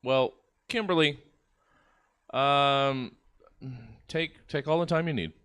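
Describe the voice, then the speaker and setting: Slow, rambling comedy show host. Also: male voice, mid-range voice, a bit bright, clear, resonant tone. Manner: rambling, hesitant, drifting.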